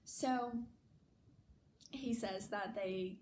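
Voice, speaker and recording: A woman's voice: mid-range voice, very slow, slight background noise, rough recording. Chatty young woman telling a story. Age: young adult. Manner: chatty, many "like" fillers, animated retelling. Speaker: vlogger. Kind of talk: casual storytime vlog.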